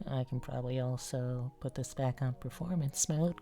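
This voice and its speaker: A woman's voice: very deep voice, moderate pace, mellow, soft background music. A woman streaming as she draws, sleepy and yawning, chatting loosely and breaking into clumsy joking freestyle raps. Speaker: streamer drawing live.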